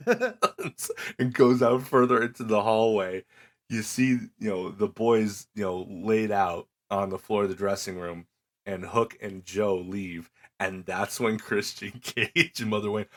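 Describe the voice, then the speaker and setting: A middle-aged podcast co-host recaps matches in casual chat, animatedly acting out the wrestlers' lines as he tells the story. His voice is on the low side and a little slow.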